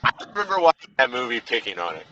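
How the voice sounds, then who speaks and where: A man co-hosts a casual film podcast from his car while driving, rambling and dropping "you know" again and again. His mid-range voice swings widely in pitch, and he talks fast with a sharp tone. The recording sounds dull and lo-fi, with faint background noise.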